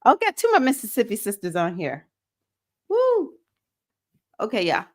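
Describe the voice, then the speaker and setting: A woman, hosting a spiritual livestream circle, chatting with viewers and breaking into sudden high whoops. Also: huge pitch swings, fast. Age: 50s.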